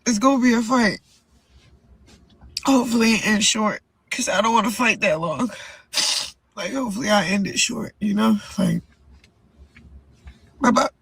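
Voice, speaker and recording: A woman's voice: mid-range voice, moderate pace, gravelly, pauses often, a bit bright, husky, dry recording, rough recording. A young woman boxer talking to camera from inside a car before a fight, rambling and earnest, repeating her words. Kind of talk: personal vlog monologue.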